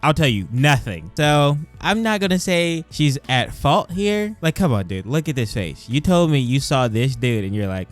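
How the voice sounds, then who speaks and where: A young man talks through a commentary video in a sarcastic, mocking way. His voice sits in an ordinary middle pitch, and he often laughs. Faint music plays behind him. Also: big pitch swings, normal speed, hardly any pauses. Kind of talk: reaction commentary.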